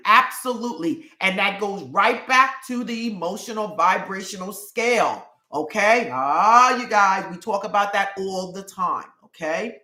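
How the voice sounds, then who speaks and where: A woman chats through a livestream, reading viewer comments aloud. She is effusive and keeps repeating her praise. Her voice is bright and forceful, and it echoes in the room. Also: mid-range voice. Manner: effusive, repeats "I love it" often. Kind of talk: casual livestream chat.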